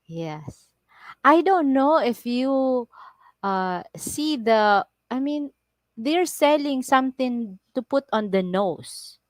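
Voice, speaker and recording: A woman with a Filipino accent chats to her livestream viewers in unhurried, drawn-out phrases. Her English is broken but lively, and her storytelling is animated and full of laughter. The sound is dry and close, with no room around it. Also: high-pitched, dry recording. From Philippines. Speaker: vlogger on a livestream. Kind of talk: casual livestream chat.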